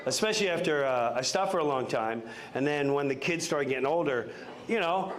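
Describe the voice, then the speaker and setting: A man's voice: on the high side, fairly quick. A middle-aged man doing stand-up, rambling through stories with frequent chuckles. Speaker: stand-up comedian. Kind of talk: stand-up routine. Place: comedy club stage. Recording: echoey club clip with loud crowd and noise.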